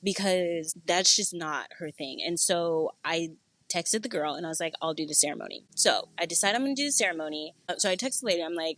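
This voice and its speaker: A young woman telling a story on a podcast in casual chat, animated and swearing freely, acting out quotes. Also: lowish voice, quick pace. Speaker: guest.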